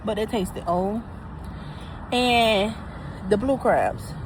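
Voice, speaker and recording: Slow-talking woman vlogger. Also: medium pitch, background noise. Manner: emphatic, repeats herself, addresses viewers as y'all. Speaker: vlogger reviewing food. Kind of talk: casual vlog talk to viewers. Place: outdoors by a truck.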